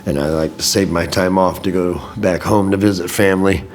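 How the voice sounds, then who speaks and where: Host, male, from Illinois, lowish voice, loose profane monologue, slight room hum. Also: steady tone, a little fast. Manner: rambling, profane, self-deprecating. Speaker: podcast host. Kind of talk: casual monologue recap.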